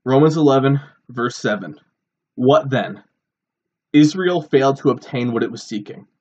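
A man's voice: mid-range voice, animated, normal speed, darkish tone, husky, dull audio. A man giving a sermon-style Bible teaching, explaining earnestly and posing rhetorical questions. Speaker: preacher.

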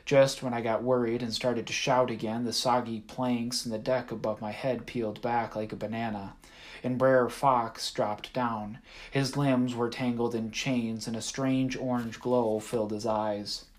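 A man reading a first-person audiobook in a measured, even storytelling manner. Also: lowish voice. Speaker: audiobook narrator.

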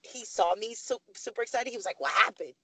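A thirtysomething woman, appearing as a podcast guest, tells a personal story with candor, speaking quickly in a fairly high voice. She's animated and performs the voices of the people she quotes. The recording is very noisy.

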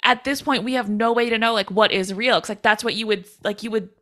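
A woman's voice: a little high, fairly bright tone. A woman co-hosting a podcast, eagerly retelling a movie plot in casual chat and laughing along. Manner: chatty, eager, quick to laugh. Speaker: podcast co-host.

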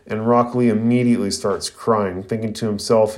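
A man's voice: fairly low pitch, steady tone, normal speed, few pauses, a little mellow. A man retelling a cartoon episode in a casual review, with fillers. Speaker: anime reviewer.

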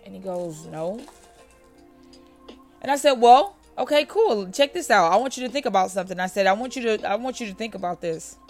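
A woman's voice: mid-range voice, expressive, brisk, faint music behind. Woman giving a motivational talk. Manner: conversational, addresses listener as friend, repeats phrases. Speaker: motivational podcast host. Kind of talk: motivational storytelling monologue.

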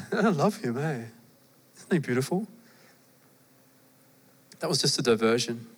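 A young adult man with an Australian accent, preaching a sermon in a conversational, animated way with asides to the listeners. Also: medium pitch, unhurried, husky. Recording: long hall reverb.

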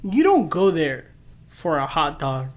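A man's voice: a little high, huge pitch swings, a little slow. A young man co-hosting a podcast, chatting casually and easygoing. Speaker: podcast co-host. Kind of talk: casual chat.

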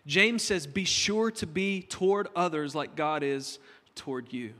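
Man, middle-aged pastor, conversational joking sermon, higher voice, long church-hall echo. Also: measured pace, pushed and bright.

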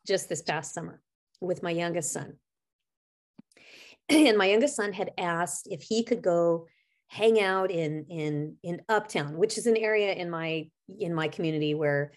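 A woman's voice: lowish voice, measured pace. A middle-aged woman co-hosting a podcast, telling a personal story in an earnest, reflective, conversational way. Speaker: podcast co-host.

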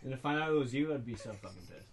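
A young man with a mid-pitched voice speaks earnestly in casual podcast chat, swearing freely. He keeps his voice fairly quiet. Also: animated, very fast, gravelly.

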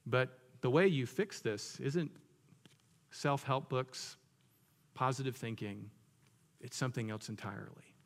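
A man's voice: medium pitch, unhurried, pauses often, big-room sound. A man preaching a sermon in a conversational, joking way, asking his listeners questions. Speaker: pastor.

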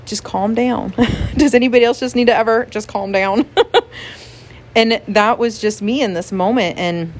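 A pastor's wife giving a casual, earnest devotional talk to listeners, emotional and quick to laugh, with many "like" fillers. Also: female voice, on the high side.

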